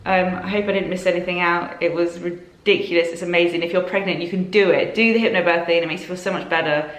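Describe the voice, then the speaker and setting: A young woman chats to camera, recounting events in a lively, rambling way full of "like" fillers. Her voice sits a little low for a woman. The room around her is roomy and echoey. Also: fast talker. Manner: chatty and animated, frequent "like" fillers. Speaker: vlogger. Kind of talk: casual storytelling to camera.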